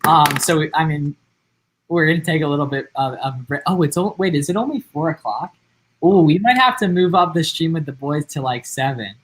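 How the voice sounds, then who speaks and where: A man's voice: fairly high pitch, expressive, brisk, slight background noise, rough recording. Rambling young-sounding man on a livestream. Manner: rambling, heavy use of "like" and "um" fillers. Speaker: livestream co-host answering viewer questions. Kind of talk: casual livestream chat.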